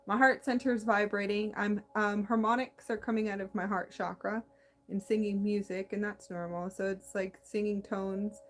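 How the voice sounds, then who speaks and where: A woman hosting a spiritual talk, speaking in a meandering, halting way with many restarts and a slight lisp. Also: medium pitch, level tone. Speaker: spiritual channel host. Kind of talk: casual spiritual monologue.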